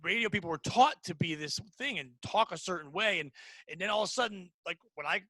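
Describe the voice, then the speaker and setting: A man hosting a podcast in casual chat, talking fast and rambling with a gargly, slightly mumbled voice. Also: sits high, expressive, pushed and bright, no room sound, poor audio. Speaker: podcast host.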